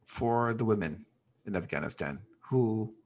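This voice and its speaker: A man co-hosting a podcast in casual political chat, throwing in deadpan jokes. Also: on the low side, unhurried. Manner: joking, deadpan wisecracks. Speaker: podcast co-host.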